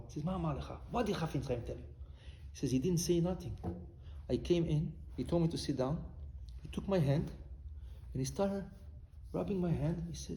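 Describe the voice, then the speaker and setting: Rabbi preaching with lively pitch. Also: male voice, normal speed, creaky, long pauses, slight background noise. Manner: storytelling, mixing Hebrew words into English, bursts of loud cries. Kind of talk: sermon. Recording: roomy hall with faint ambience.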